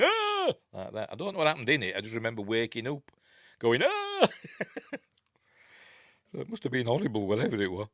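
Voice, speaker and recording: A man's voice: medium pitch, fairly bright tone, no echo, studio quality. A man with a Yorkshire accent hosting a casual film review, rambling, chuckling and often losing his place.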